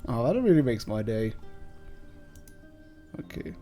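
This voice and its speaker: Casting: a laid-back man doing casual gameplay commentary, with a mellow, slightly throaty tone. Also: medium pitch, very animated, unhurried, soft background music. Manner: chatty, rambling, self-deprecating. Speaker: let's play host.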